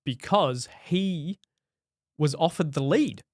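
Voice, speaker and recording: A man co-hosting a movie podcast in casual, wry chat full of quick jokes and asides. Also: a little high, animated, no room sound, clean studio sound. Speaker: podcast co-host.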